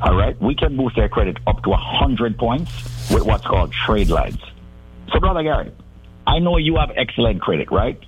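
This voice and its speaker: A man, a radio guest who pitches his services in a persuasive, salesman-like way. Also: very animated, moderate pace. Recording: tinny phone line with faint noise.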